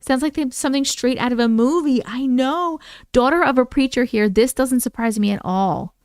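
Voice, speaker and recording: A woman hosting a live stream, reading viewer stories aloud and reacting with animated exclamations and swearing. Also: sits high, normal speed, clean tone, no echo.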